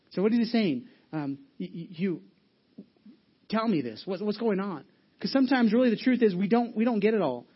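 A man's voice: high-pitched, lively intonation, fairly quick, breathy edge, lo-fi sound. A man pastor giving a conversational sermon, often acting out Bible characters with humor.

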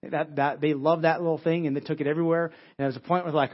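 A pastor delivers a loose, conversational sermon, stumbling, restarting his words, and tacking "right?" onto his lines. He talks fast in a slightly high voice with a flat delivery, and the audio sounds dull and lo-fi.

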